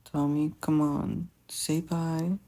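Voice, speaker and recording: A fan fiction reader voicing a gentle, doting teenage older brother who talks in a soft, coaxing way. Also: mid-range voice, level tone, slow pace, close to an everyday voice. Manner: soft, coaxing, tender teasing. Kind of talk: fan fiction audiobook reading.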